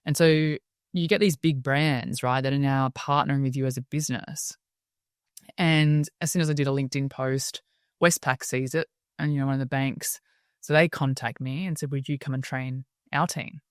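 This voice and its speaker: An Australian woman, a guest in an interview, telling her story in a lively way and acting out the voices of people she quotes. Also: rumbling low, moderate pace, no room sound, studio quality. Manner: lively storyteller who acts out quoted voices and laughs often. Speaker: interview guest, wellbeing speaker.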